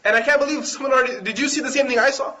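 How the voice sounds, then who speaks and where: A man's voice: extremely high pitch, rapid-fire, bright, forceful tone, pitched above the performer's own voice. A man voicing an eager male companion urgently recounting a dream. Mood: excited.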